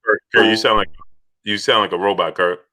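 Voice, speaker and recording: A low-voiced man runs a casual livestream chat, calling out names from the chat. His voice is bright and forceful and sits low. He repeats phrases as he goes. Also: fairly even intonation, brisk. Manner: shouts out chat donors, repeats himself. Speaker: livestream host.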